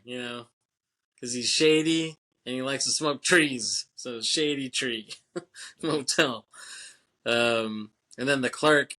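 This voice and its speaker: A man's voice: medium pitch, pushed and bright. A man co-hosting a casual podcast chat, laughing often, swearing casually and acting out lines as he recaps a film. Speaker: podcast co-host.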